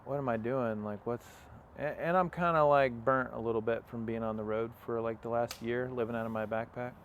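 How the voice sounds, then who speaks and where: A young man tells his story in a relaxed, rambling way, full of fillers and quoted dialogue. His voice sits at a middle pitch. The recording was made outdoors and has a faint hum of background noise. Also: brisk. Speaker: interview guest. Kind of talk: casual storytelling. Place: outdoors on a farm.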